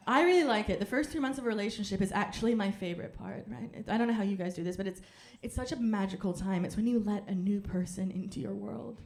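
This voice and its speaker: This is a stand-up set with crowd work from a young woman at a comedy club, speaking into a handheld microphone. Mostly she's flat and deadpan, though at times she breaks into high, loud, theatrical mock-French.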